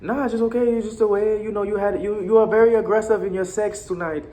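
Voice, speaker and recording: A man telling a story who puts on the voice of a gently concerned young woman, speaking in broken phrases. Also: sits high, steady tone, quick pace, pitched above the performer's own voice, lightly acted.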